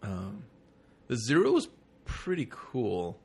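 A man's voice: on the low side, wildly swooping pitch, slow pace, vocal fry, slightly rough. A man co-hosting a comics podcast in loose, profane casual chat, often acting out quoted voices. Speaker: podcast co-host.

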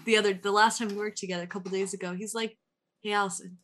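A woman chatting casually on a podcast, giggly and animated, breaking into loud squeals. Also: mid-range voice, rapid-fire, slight background noise. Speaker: podcast co-host. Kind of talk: casual chat.

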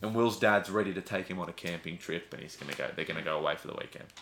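A man chatting casually and retelling a scene with lively acted-out quotes. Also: deep voice, very fast, creaky, echoey room, slight background noise. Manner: animated storyteller, acts out quotes. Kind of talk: casual podcast chat.

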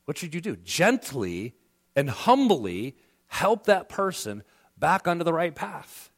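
A man's voice: on the high side, sing-song, takes it slowly. A middle-aged man preaching a sermon as pastor, conversational, acting out quoted voices.

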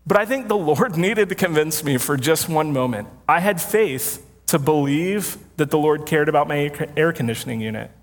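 A man preaching a sermon as a pastor, telling a story in a casual, self-deprecating way and laughing often. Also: fairly high pitch. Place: church sanctuary with congregation. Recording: long hall reverb.

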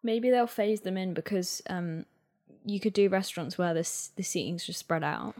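A woman's voice: fairly low pitch, normal speed, darkish tone. A woman co-hosting a podcast, chatting casually and using "like" a lot. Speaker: podcast co-host. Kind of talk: casual chat.

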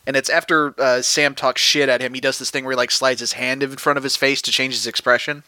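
A man's voice: medium pitch, flat delivery, fast talker, pushed and bright, dry recording. A man co-hosting a podcast, joking and a bit self-deprecating in casual chat. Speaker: podcast co-host.

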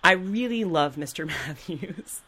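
Low-pitched woman cohost gushing about old tv, chatty and lively. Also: a little slow, breathy edge. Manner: chatty, animated retelling of TV scenes. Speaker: podcast co-host. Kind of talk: casual chat.

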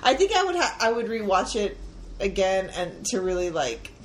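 A woman co-hosting a podcast, chatting casually in a giggly, expressive way. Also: medium pitch, moderate pace, a little hiss or hum, poor audio. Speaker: podcast co-host. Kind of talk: casual chat.

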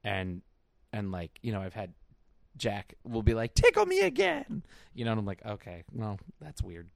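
A young man co-hosting a podcast in casual chat, telling stories in an animated way and acting out the voices he quotes. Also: lowish voice, moderate pace, no room sound. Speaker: podcast co-host.

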